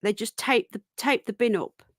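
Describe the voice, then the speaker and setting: A woman's voice: fairly high pitch, moderate pace, dry recording, studio quality. A woman with a Birmingham accent hosting a casual livestream, chatting in a rambling way and cooing over her pet rabbits. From Birmingham, England. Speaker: livestream host.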